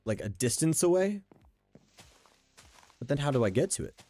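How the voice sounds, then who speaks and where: A man's voice: medium pitch, big pitch swings, normal speed, warm tone. A man streaming a survival game, talking casually and thinking aloud as he plays, often restarting his sentences. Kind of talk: casual gameplay commentary. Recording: faint background game music.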